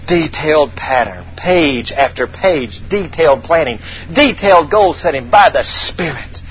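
A male preacher giving a sermon with animated call and response and dramatic scripture reading, on a dull recording. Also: medium pitch, unhurried, slight background noise.

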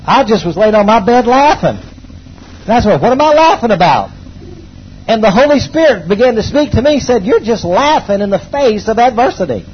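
High-voiced preaching man, emphatic. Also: big pitch swings, moderate pace, dull audio, slight background noise. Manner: emphatic preaching, swinging from loud exclamations to low asides; calls the congregation to respond. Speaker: pastor. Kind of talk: sermon. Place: church hall before a congregation.

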